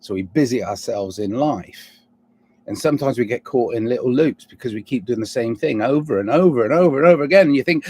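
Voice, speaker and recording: With lively intonation, a darkish, slightly rough tone, and a mid-range voice, a man vlogs solo at a somewhat quick pace. He rambles reflectively in a noticeable non-standard English accent, questioning himself repeatedly.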